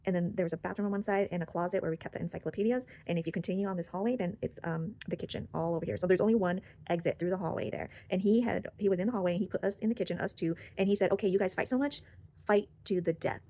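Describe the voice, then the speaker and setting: A woman's voice: on the low side, steady tone, racing, few pauses, warm tone. A young woman sharing a personal story in casual, rambling talk full of fillers and restarts, recorded close on the mic. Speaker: channel host.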